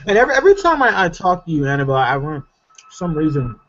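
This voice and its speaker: A man's voice: fairly high pitch, big pitch swings, fast talker, fairly bright tone, muffled recording. An American man in a casual online discussion, rambling and playful, with plenty of fillers. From California, United States. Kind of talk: casual online debate chat.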